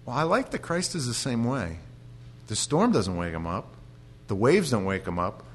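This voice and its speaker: A male pastor giving an animated sermon with humorous stories and frequent restarts. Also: medium pitch, moderate pace.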